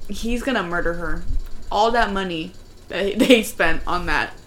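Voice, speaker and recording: A woman's voice: lowish voice, a little slow, a bit bright, a little hiss or hum. A young woman co-hosting a podcast, chatting casually and jokily about a film as it plays, laughing a lot and swearing freely. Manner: giggly, jokey, swears freely. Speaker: podcast co-host. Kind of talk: casual movie watch-along chat.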